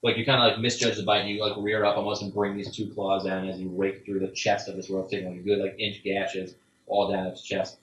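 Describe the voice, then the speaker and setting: Low-pitched and monotone yet fairly bright, this man narrates quickly as a game master in a loose, filler-heavy way full of "like"s. The audio is muffled with a little hiss or hum, captured from afar in an echoey room.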